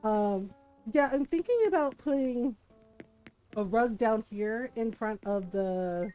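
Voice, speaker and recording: A woman's voice: a little high, takes it slowly, dark tone, muffled recording, soft background music. A woman in her fifties streaming a game, telling stories in casual chat and tagging her sentences with "right?". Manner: chatty, storytelling with lots of "right?" tags. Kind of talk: casual chat while gaming.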